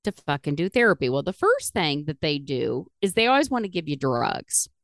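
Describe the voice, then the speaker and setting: Middle-aged woman, podcast host, lower voice with lively swings, profane and laughing, dry close mic. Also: normal speed, no room sound. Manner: profane, animated, laughing while she talks. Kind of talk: casual storytelling chat.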